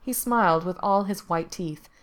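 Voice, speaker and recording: A woman storyteller reading a fairy tale aloud in a calm, measured way. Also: lowish voice. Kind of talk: storybook narration.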